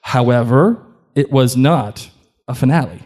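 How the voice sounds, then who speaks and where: A man's voice: medium pitch, measured pace. Joking Boston man hosting live. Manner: animated, joking, addresses the crowd. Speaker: podcast co-host. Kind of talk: live podcast chat before an audience. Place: hotel event room.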